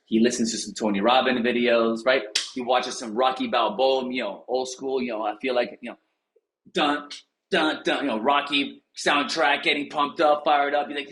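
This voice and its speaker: A man giving a lively motivational coaching talk to real estate agents, telling stories and speaking straight to the audience. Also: medium pitch, normal speed, background noise. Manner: animated, storytelling, addresses audience directly. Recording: roomy echo.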